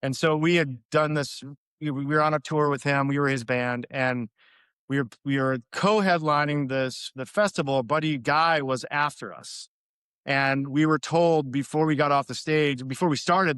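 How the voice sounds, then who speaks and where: A man's voice: medium pitch, a bit bright, clear, resonant tone, dry recording, studio quality. A man, a guest musician, telling a story casually with lots of fillers, laughing as he goes.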